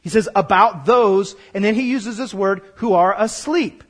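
A high-pitched man preaching a sermon. He stresses key words and repeats himself, dropping low for explanation and rising loud for declarations. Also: normal speed. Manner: emphatic, repeats words, swings from quiet to loud. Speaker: pastor.

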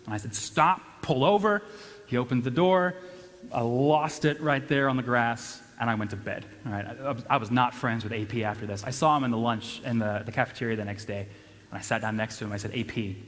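A young man telling a funny personal story to an audience at a church event, animated and self-deprecating, with lots of restarts and "right?". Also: medium pitch. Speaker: church speaker. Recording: long hall reverb.

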